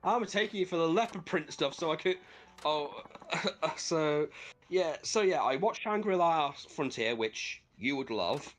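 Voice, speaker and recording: Lively gaming host, man, slightly high voice, swears casually, storyteller. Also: measured pace. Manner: animated storyteller, swears and laughs often. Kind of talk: casual chat while playing a video game.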